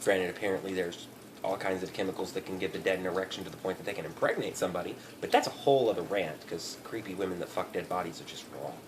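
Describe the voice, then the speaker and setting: A man's voice: deep voice, fast talker, background noise. A man giving a profane, rambling comedic rant, often breaking into laughter. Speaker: vlogger.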